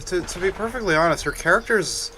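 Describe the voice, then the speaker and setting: A man's voice: high-pitched, lively intonation, a little fast, crowd noise. A man hosting a let's play, giving casual, rambling gameplay commentary with wry self-corrections.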